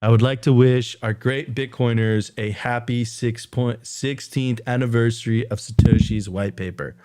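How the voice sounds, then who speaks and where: A man's voice: mid-range voice, fairly even intonation, normal speed, mellow, clear, resonant tone, dry recording, studio quality, lightly acted. A man putting on an impression of a boastful male politician giving a rally speech. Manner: brash, boastful, repetitive slogans.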